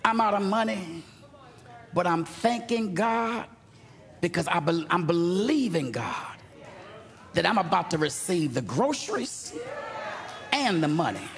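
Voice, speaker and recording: A male preacher voicing a poor, faithful old woman who praises loudly. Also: fairly low pitch, very animated, measured pace, long pauses. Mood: fervent. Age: older. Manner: fervent, exclaiming. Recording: reverberant hall, faint ambience.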